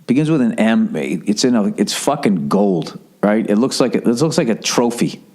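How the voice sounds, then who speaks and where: A man's voice: lowish voice, big pitch swings, normal speed, darkish tone. A man hosting a podcast, telling a long story in a profane, rambling way. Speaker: podcast host. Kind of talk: casual podcast monologue.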